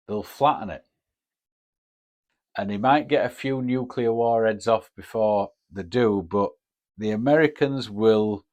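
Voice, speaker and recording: A man hosting a podcast, telling a rambling, sweary story in a casual monologue. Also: lowish voice. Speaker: podcast host. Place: home in Japan.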